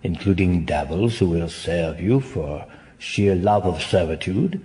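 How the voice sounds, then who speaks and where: A man playing a deep, weary damned nobleman. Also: measured pace, warm tone. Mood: sardonic. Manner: languid, sardonic, elegant stage delivery. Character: weary, ironic damned nobleman, male adult. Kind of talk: classic stage play acting.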